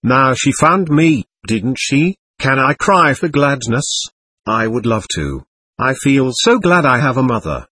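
A lost, lonely girl spirit with a childlike way of speaking, as a man reads her lines aloud. The voice is husky and slightly breathy, with a lively, rising and falling pitch, in a dry, close sound. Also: a little slow, dry recording, exaggerated voice. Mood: wistful. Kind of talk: reading a séance transcript aloud.

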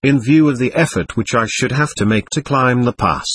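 A man reading a first-person travel memoir aloud as an audiobook narrator, in a measured, even storytelling manner. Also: medium pitch, husky, dry recording, low-quality recording.

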